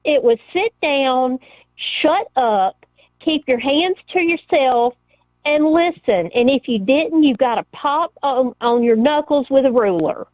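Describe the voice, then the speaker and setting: A woman phones in to a radio show, chatting in a rambling, nostalgic way. Her voice is high and sounds thin and tinny over the phone line, dry with no room around it. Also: animated, measured pace, no echo. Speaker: caller. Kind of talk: phone-in call.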